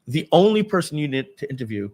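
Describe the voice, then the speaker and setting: Neurotic stammering male comic, voiced by a man, higher than normal. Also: big pitch swings, quick pace, a little mellow. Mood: insistent. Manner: stammering, raised pitch. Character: neurotic male comedian, stammering, self-deprecating.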